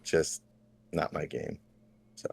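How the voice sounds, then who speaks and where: A man's voice: takes it slowly, no echo. A man chatting as a podcast regular, rambling and correcting himself. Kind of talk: casual podcast chat.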